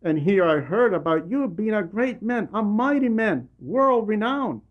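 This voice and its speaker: A man's voice: on the high side, unhurried, lo-fi sound, natural voice. A man voicing a humble elderly monk who firmly admonishes and reassures. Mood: scolding. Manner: firm, admonishing. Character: humble elderly male monk, gently scolding.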